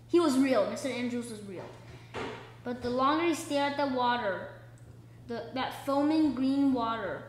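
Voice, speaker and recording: High-voiced woman reading a kids' book. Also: roomy sound, low-quality recording. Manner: chatty asides explaining the story. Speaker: book reader. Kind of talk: reading a children's book aloud with comments.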